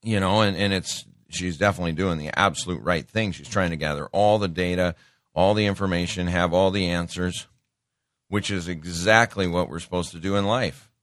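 Plainspoken middle-aged male talk host, preachy and opinionated; low voice, dry booth sound. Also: normal speed, a bit bright, dry recording. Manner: folksy, plainspoken, calls listeners folks; preachy, quotes scripture. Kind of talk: opinionated political commentary.

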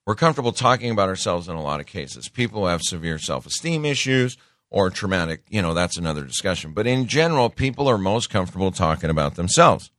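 A man's voice: sits low, sing-song, fast talker, a bit bright, no echo, clean studio sound. A man giving a casual, conversational sermon, folksy, with many fillers and asides.

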